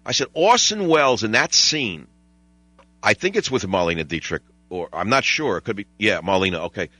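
A man's voice: lowish voice, very animated, moderate pace, sharp tone, no room sound. Wry older man hosting talk radio. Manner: digressive, wry, mimics voices and jokes with callers. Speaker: radio talk show host. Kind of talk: rambling talk radio monologue. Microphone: studio microphone.

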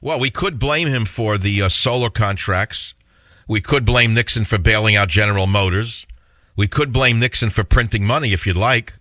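A man's voice: fairly low pitch, normal speed, pushed and bright, no echo. A man hosting a radio talk show, telling stories in a rambling, indignant way and taking calls. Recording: dull lo-fi radio broadcast.

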